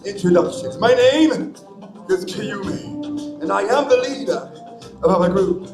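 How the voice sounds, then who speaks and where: A man's voice: high-pitched, lively intonation, slow pace, exaggerated voice. A man playing a proud, playful troupe leader who leads the crowd in chants at a live theme park show. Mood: grand. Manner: grand, theatrical, leading crowd chants. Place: outdoor theme park stage. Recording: roomy space with music.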